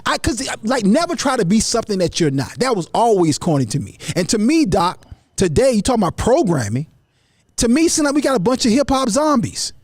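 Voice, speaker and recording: A man with a high, very lively voice hosts a casual panel talk, swooping up and down as he riffs and repeats himself. His voice sits close and dry on the mic, with no room sound around it. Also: a little fast, no room sound. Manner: animated, repeats words, acts out others' voices. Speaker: talk show host.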